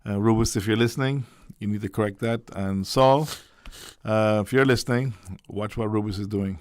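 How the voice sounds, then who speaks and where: A man's voice: fairly low pitch, normal speed, dry recording. A Caymanian man, a member of parliament, chatting as a studio guest in an easygoing, hesitant way with frequent ums. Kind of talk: casual radio talk. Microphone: studio microphone.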